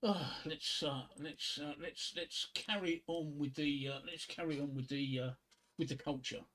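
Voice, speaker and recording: A man hosting a livestream, telling crude jokes and reading poetry in a rambling, halting way with many fillers and restarts. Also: fairly high pitch, a bit bright. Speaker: livestream host.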